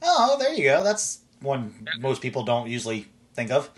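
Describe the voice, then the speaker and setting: A man's voice: medium pitch, wildly swooping pitch, moderate pace. An American man hosting a casual interview, easygoing, laughing often and reading out viewer questions. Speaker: host.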